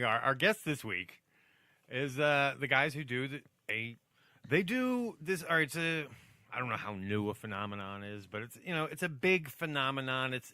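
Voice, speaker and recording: A man's voice: medium pitch, bright, forceful tone, no echo. A man hosting a podcast in casual banter, joking and rambling with playful asides. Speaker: podcast host.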